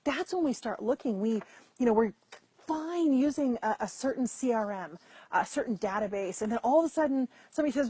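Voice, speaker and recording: Middle-aged woman host, husky and a bit high, chatty and direct with viewers on a live stream. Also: animated, brisk, darkish tone, no echo. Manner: chatty, repeats and restarts, addresses viewers directly. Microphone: computer mic over weak internet.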